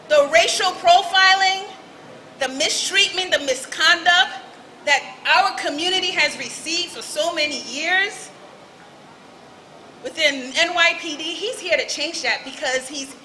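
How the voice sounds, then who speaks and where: A woman delivers a rousing speech outdoors, trading calls with the crowd. Her voice sits very high and rings bright and forceful. Faint street noise hums behind her. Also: a little slow, poor audio. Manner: rousing call-and-response with the crowd. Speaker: political speaker at a rally. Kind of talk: rally speech.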